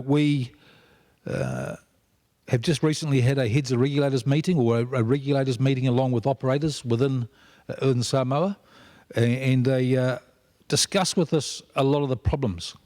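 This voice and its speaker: A man in his fifties with a New Zealand accent, giving steady, explanatory panel remarks with frequent fillers. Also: mid-range voice. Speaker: panelist, aviation security regulator.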